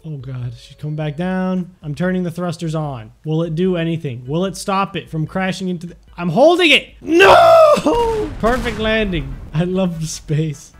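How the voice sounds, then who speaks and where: Excitable young man on game commentary. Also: fairly high pitch, moderate pace, few pauses. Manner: excitable, yelps and shouts when things go wrong. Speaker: gaming YouTuber.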